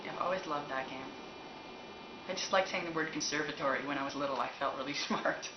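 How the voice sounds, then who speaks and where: Low-voiced laughing woman, roomy recording. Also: brisk. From Canada. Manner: laughs often, rambling and candid. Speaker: musician answering fan questions. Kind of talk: casual chat. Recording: roomy, dull, noisy recording.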